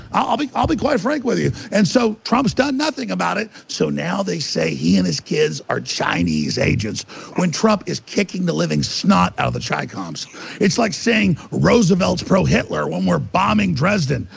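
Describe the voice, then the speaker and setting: A man's voice: fairly high pitch, vocal fry, husky, highs cut off. A man giving an angry, emphatic rant as a podcast guest. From United States. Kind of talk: heated podcast interview.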